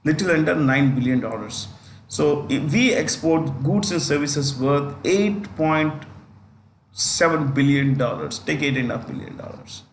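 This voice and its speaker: A man's voice: fairly high pitch, a little slow. A man with an Indian English accent giving an exam-prep current affairs lecture, repeating phrases and checking in with his students. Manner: repetitive, restarts phrases, checks in with "got it?". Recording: echoey room with faint noise.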